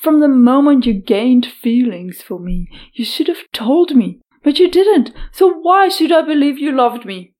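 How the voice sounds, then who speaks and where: A woman's voice: high-pitched, lively intonation, a little slow, hardly any pauses, warm tone, pitched above the performer's own voice. A woman voicing an angry, betrayed young heroine in an audiobook, speaking indignantly, at times through gritted teeth. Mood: furious. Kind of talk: audiobook character voice.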